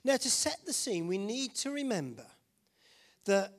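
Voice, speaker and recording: A man preaching in a church, his voice sitting high and swinging widely in pitch. He keeps it light and jokey, teasing the congregation and pressing them with questions. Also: sing-song, a little slow. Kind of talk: sermon.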